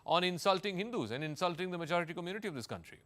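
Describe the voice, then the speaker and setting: A man's voice: high voice, lively intonation, a bit bright. A man with an Indian accent anchoring a televised political debate, pressing his guests with pointed questions. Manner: pointed, rapid-fire questioning. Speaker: news anchor.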